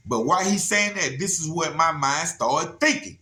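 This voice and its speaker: A man with a drawl tells a story in an easy, lively way, checking in with his listener as he goes. His voice sits a bit high for a man. The room around him rings with a noticeable echo. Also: normal speed. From Georgia, US. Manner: animated, repeats "you know what I'm saying". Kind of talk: casual spoken storytelling. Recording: roomy echo.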